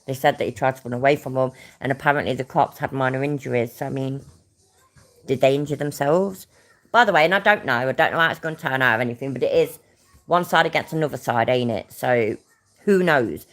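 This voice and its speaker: A woman with a British accent and a low voice reads out a news report and then reacts to it. She is blunt and sarcastic and swears freely. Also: fairly quick. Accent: British English. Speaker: commentary channel host. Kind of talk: reacting to a news story and clip.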